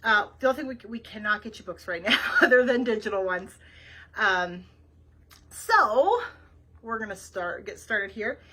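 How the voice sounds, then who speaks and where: Woman librarian, read-aloud host, chatty, lively pitch, bright, husky. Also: normal speed. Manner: chatty, laughing, rambling.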